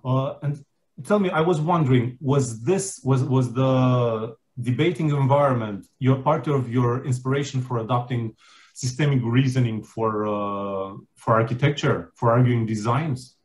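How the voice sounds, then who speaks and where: A man's voice: medium pitch, unhurried. A man hosting a conference session over a video call, introducing a speaker with many fillers and restarts. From Romania. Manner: hesitant, many fillers and restarts, laughs easily. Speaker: conference host.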